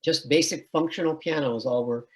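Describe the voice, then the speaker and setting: A man's voice: a little high, brisk. A middle-aged man, a music education professor, presenting an online admissions webinar and patiently explaining with sung and chanted examples.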